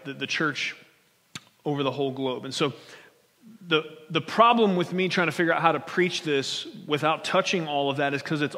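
A man's voice: fairly high pitch, fairly bright tone. Conversational male pastor in echoing hall. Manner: conversational, checks in with the crowd. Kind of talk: sermon. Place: church sanctuary. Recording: long church hall reverb.

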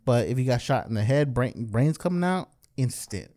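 A man's voice: mid-range voice, expressive, moderate pace, mellow. A man giving casual, slangy reaction commentary on a video as its host, joking as he talks.

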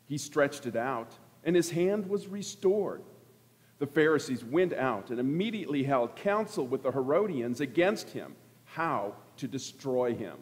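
A man's voice: on the high side, big pitch swings, darkish tone. Man reading the gospel in church. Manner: formal, measured reading. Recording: echoey church from afar.

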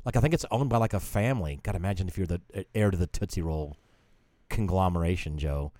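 A man's voice: low voice, fast talker, warm tone, no room sound, clean studio sound. A man co-hosting a podcast, telling a long rambling story and acting out the other people in it, with some swearing. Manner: rambling storyteller, swears, acts out quoted voices. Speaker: podcast co-host. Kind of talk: casual chat.

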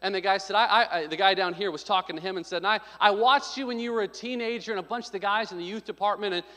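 A man's voice: sits high, fast, pushed and bright. A man preaching a sermon, telling a story with joking asides and acting out what people said. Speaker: pastor. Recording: long hall reverb.

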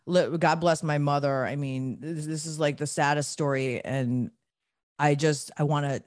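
A man's voice: a little high, fairly even intonation, measured pace, no echo, studio quality. A man hosting a podcast, talking bluntly and candidly about his recovery, with frequent restarts and swearing. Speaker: podcast host.

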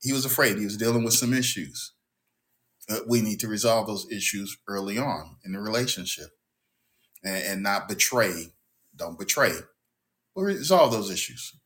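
Male preacher, Bible lesson, lowish voice, forceful edge, emphatic, repeats himself. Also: animated, moderate pace, long pauses. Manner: emphatic, repetitive, pitch jumps up on key words. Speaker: Bible class teacher.

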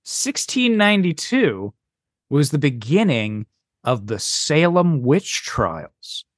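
A man hosts a casual podcast chat, his pitch swinging up and down as he poses playful what-if questions. The sound is dry and close, with no room around it. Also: slow pace, no echo. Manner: animated, quizzing guests with hypotheticals. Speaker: podcast host.

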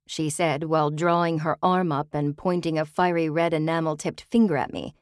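A woman narrating an audiobook in the first person, wry and expressive, on a close studio mic. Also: low voice, normal speed, hardly any pauses, no echo.

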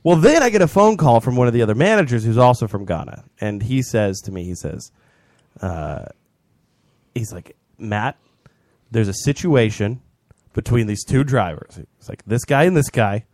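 A man's voice: medium pitch, very animated, moderate pace, darkish tone, no echo. A young man co-hosting a podcast, casually rambling through a story with lots of animation. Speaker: podcast co-host. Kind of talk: casual chat.

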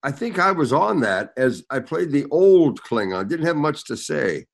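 A man's voice: on the high side, moderate pace, gravelly. An older man, an actor guest, telling anecdotes in casual chat and acting out the people he quotes. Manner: animated storyteller, acts out quotes.

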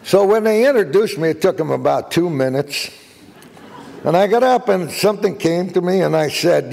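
An older man giving a guest speech, telling jokey anecdotes as an animated raconteur. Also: high-pitched, moderate pace, gravelly, big-room sound. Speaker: guest speaker.

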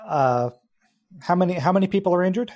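Female 911 dispatcher, man doing the voice, businesslike, mellow tone. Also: high voice, expressive, brisk, no room sound, dull audio, voice pushed up. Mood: official. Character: middle-aged female 911 dispatcher, calm and official.

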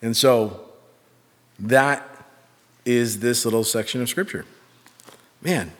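Animated self-mocking preacher man. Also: medium pitch, slow pace. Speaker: pastor. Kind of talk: sermon with personal storytelling. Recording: reverberant hall.

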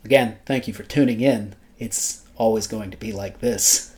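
A man's voice: fairly low pitch, moderate pace, noisy background. A man with a nasal voice, co-hosting a casual book podcast, talking with frequent fillers and restarts. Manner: hesitant, many fillers and restarts. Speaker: podcast co-host, book blogger.

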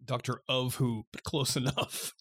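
A man co-hosting a podcast in casual chat, making quick joking quips. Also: medium pitch, level tone, a bit bright, breathy edge. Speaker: podcast co-host.

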